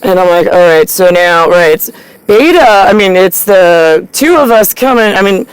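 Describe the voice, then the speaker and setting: A woman's voice: mid-range voice, lively intonation, normal speed, smooth, no echo, poor audio. A woman vlogging straight to camera in a meandering, profane, stream-of-consciousness monologue. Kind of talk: rambling direct-to-camera monologue.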